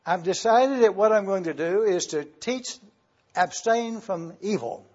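A pastor, a man, teaching a sermon in a slow, deliberate way, spelling out Greek words for his congregation. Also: high voice, darkish tone, dull audio. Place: church.

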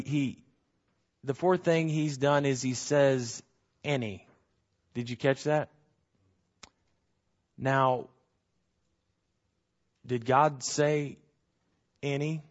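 A man giving a conversational Bible teaching, animated, asking rhetorical questions and acting out the quotes he reads. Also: mid-range voice, highs cut off.

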